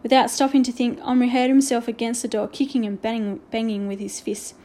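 Storybook narrator, woman, mellow tone, slightly high voice. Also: little pitch movement, a little fast.

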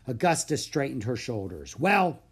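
An audiobook reader narrating a children's chapter book with lively, animated delivery. The voice carries a husky, slightly breathy grain, and the reader acts out every character. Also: medium pitch, moderate pace.

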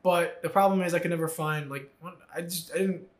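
A man's voice: a little high, fairly even intonation, fairly quick. Chatty young man in echoey room. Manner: rambling, filler-heavy storytelling. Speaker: podcast co-host. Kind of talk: casual chat.

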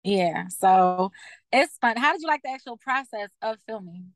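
A woman's voice: medium pitch, animated, dry recording. A young woman from West Philadelphia, a musician and actor, chatting as a guest in a friendly, talkative way. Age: young adult. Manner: friendly, chatty, quick to laugh along. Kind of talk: casual interview chat.

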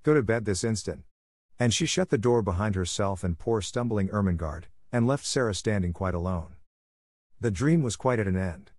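A man narrating a classic novel as an audiobook in a steady, even telling. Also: lowish voice, moderate pace, dry recording, studio quality.

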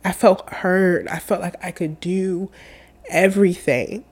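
A young woman telling a personal story in an earnest, halting way, tearful and full of fillers. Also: lowish voice, a little mellow, breathy edge.

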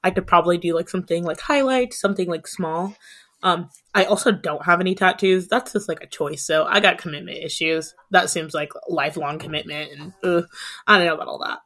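A woman's voice: on the low side, fairly quick, fairly bright tone. A woman in her twenties hosting a casual podcast discussion, chatty with many filler words. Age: 20s. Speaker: podcast host.

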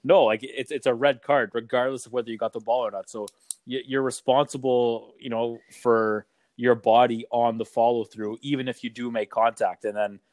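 A man co-hosting a soccer podcast in casual chat, measured and explanatory, readily agreeing with others. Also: mid-range voice, steady tone, a little mellow, dry recording.

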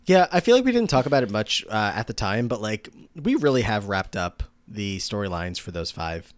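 Low-voiced man musing in casual chat. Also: very animated, normal speed, no echo. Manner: rambling, many fillers and restarts. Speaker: podcast co-host.

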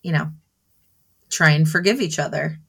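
A woman's voice: sits low, normal speed, creaky, a bit bright, husky. A woman in her thirties from Southern New Jersey, co-hosting a casual podcast chat, talking in a chatty way with frequent laughs. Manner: chatty, laughs often, acts out her own lines to her kids. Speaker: podcast co-host.

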